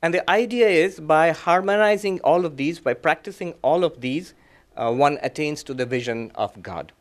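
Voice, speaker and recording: A middle-aged monk gives a lecture in a somewhat high, light male voice. He tells his story gently and reflectively, in short phrases broken by frequent "uh" and "um" pauses. Now and then he laughs quietly at himself. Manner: gentle, reflective, chuckles softly at his own anecdotes. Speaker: monk and guest speaker.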